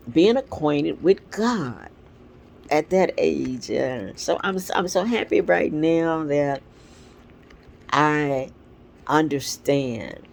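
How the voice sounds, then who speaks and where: Earnest, animated woman with stuffy sinuses. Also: deep voice, creaky. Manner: earnest, rambling, animated storytelling. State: congested sinuses. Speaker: vlog host. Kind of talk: casual spiritual reflection. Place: at home with a dog nearby.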